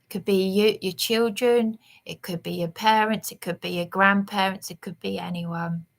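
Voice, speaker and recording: A woman's voice: mid-range voice, steady tone, moderate pace, creaky. A woman giving a rambling, aggrieved vlog monologue with emphatic outbursts. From England. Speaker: vlogger.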